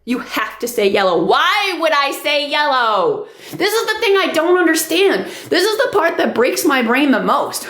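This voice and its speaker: A woman's voice: high voice, a bit bright, poor audio. A middle-aged woman ranting on a live stream, emphatic and repetitive, often swearing. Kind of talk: unscripted live-stream rant.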